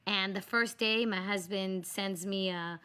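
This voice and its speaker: A woman's voice: mid-range voice, fairly even intonation, a little slow, bright, forceful tone, smooth. A woman on a talk panel telling a family story in casual chat, acting out the voices she quotes.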